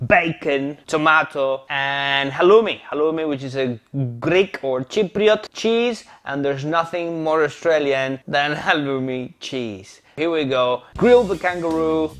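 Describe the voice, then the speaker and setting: A man from Venezuela with a Venezuelan Spanish accent and Spanish as his first language, hosting a comedic cooking show in a playful, chatty way. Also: on the high side. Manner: playful and chatty, jumps between excitement and mock apology.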